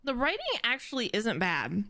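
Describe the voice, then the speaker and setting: A woman live-streaming casual chat to her audience, animated and admittedly dramatic. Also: on the high side, moderate pace, dry recording. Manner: animated and self-described dramatic.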